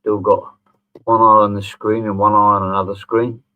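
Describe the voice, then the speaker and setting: Tinny, phone-like audio carries a middle-aged man's sarcastic response video as the channel host sneers and swears without restraint. He talks at a moderate pace in a fairly low, level voice.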